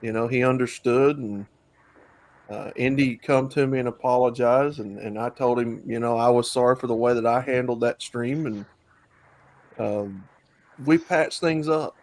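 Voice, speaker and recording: A man's voice: medium pitch, moderate pace, a little mellow. Rambling male host in casual chat. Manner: rambling, loose, with many fillers and restarts. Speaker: host of an online talk stream.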